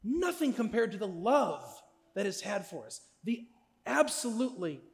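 A man preaching a sermon as a pastor, in a conversational way, often checking in with listeners with a quick question. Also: sits high, sing-song, in a large hall. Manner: conversational, asks listeners "right?".

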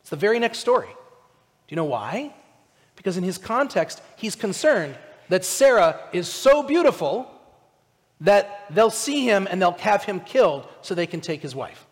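High-voiced preacher in a reverberant church. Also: male voice, moderate pace. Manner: conversational, animated, asks listeners questions. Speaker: pastor. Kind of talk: sermon.

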